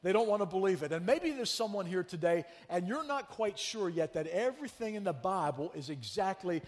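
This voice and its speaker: A man preaching a sermon as pastor, telling a story in a chatty, animated way and teasing his congregation. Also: sits high, a little fast, in a large hall. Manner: conversational, animated storyteller who teases the congregation. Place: church sanctuary.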